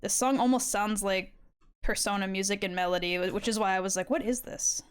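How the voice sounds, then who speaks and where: A woman's voice: medium pitch, brisk, clear, resonant tone. A young woman streaming live while she draws, chatting casually and swearing often as she rambles. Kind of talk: casual chat while drawing.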